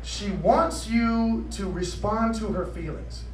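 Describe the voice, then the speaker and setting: A man with a high voice rants through a stand-up comedy bit, his delivery animated and exaggerated. He sounds far from the mic, caught in an echoey room with steady noise behind him. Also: slow pace. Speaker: comedic performer. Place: convention event room.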